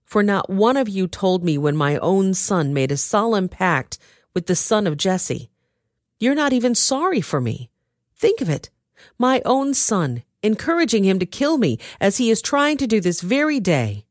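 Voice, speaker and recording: A woman voicing a furious, suspicious king who shouts accusations at his officers, in a dramatized reading. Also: mid-range voice, very animated, normal speed, no echo, studio quality, voice pushed up, close to an everyday voice.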